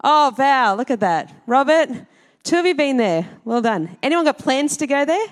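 A middle-aged Australian woman speaks to her congregation in a fairly high voice. She is chatty and playful, throwing questions at the room and laughing between stories. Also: sing-song, moderate pace. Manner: chatty, laughing, quizzing the audience. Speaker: Salvation Army minister. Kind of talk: church talk to a congregation.

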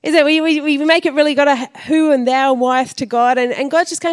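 Chatty woman with a fairly high voice. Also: fairly even intonation, a little fast. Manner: chatty, with frequent fillers and laughs. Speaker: church service leader. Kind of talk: casual storytelling to a congregation.

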